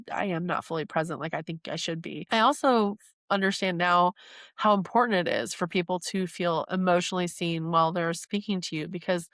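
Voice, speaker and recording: A woman hosting a podcast, telling a personal story of grief in a reflective, halting way with sighs and pauses. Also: on the low side, fairly bright tone, no room sound, clean studio sound. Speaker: podcast host.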